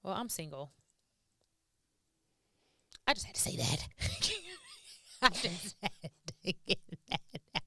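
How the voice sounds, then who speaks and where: A woman's voice: medium pitch, takes it slowly, long pauses, slightly rough. A woman co-hosting a podcast in a studio, talking playfully in casual chat, echoing and mimicking her co-host. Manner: playful, echoes and mimics, animated.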